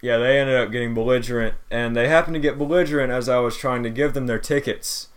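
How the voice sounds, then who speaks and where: A man's voice: medium pitch, steady tone, fast talker. A young man co-hosting a podcast, telling a work story in casual chat and acting out customers in quotes. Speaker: podcast co-host.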